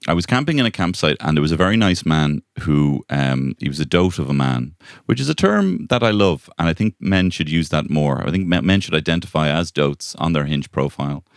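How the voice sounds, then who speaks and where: A man's voice: rumbling low, very animated, fairly quick, gravelly, few pauses, dry recording, clean studio sound. An Irish man, co-host of a comedy podcast, rambling through a story and acting out the people in it. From Ireland. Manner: rambling storyteller, acts out voices. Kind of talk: casual comedic chat. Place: bedroom.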